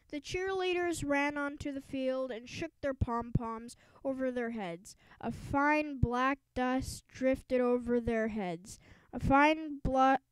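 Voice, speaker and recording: A woman reads a children's book aloud with an emphatic storytelling lilt, tripping over a word now and then. Her voice sits high and sounds smooth and clear. The recording is dry and close, with no room around it. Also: no room sound, poor audio. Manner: stumbles and restarts words while reading. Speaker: audiobook reader.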